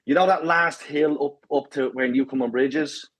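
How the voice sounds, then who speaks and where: A man's voice: medium pitch, normal speed, fairly bright tone, poor audio. A man with a Dublin accent, a podcast guest and marathon pacer, telling stories in a casual chat full of swearing, banter and a habit of asking "right?". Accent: Dublin Irish.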